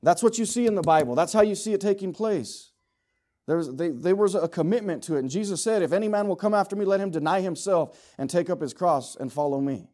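A middle-aged man preaching a sermon, swinging from loud urgent exhortation to low joking asides with the congregation. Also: expressive, quick pace.

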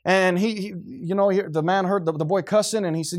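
A man preaching a sermon to his congregation, swinging from quiet, low remarks to loud, high outbursts. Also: fairly even intonation, fast. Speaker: pastor.

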